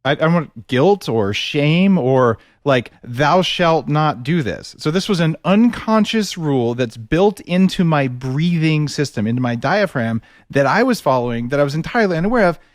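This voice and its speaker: A man's voice: a little high, lively intonation, normal speed, hardly any pauses, dry recording, studio quality. A man hosting a podcast interview, talking reflectively and candidly about his own experience. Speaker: podcast host. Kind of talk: conversational interview.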